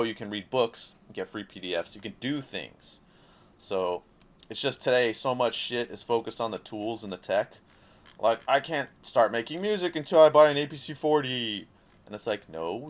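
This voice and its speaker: A man giving a passionate, profane, rambling monologue as an independent creator speaking to camera. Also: fairly low pitch. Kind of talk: casual talking-head monologue.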